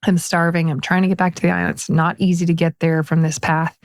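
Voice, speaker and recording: A woman guest on a podcast, telling a personal story in lively, casual conversation and laughing often. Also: low-pitched, quick pace.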